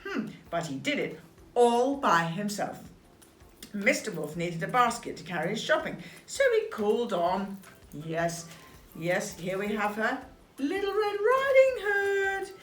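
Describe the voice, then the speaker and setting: Animated English woman reading a storybook. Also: mid-range voice. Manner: animated, playful, with chatty asides. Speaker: storybook reader. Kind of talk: reading a picture book aloud with asides. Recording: echoey room.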